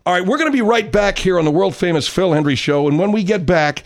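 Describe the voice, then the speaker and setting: A man hosting comedic talk radio, with a fairly high voice that leaps up and down in pitch. He banters and pushes back with an exasperated edge, then slips easily into smooth host patter. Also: animated, fast.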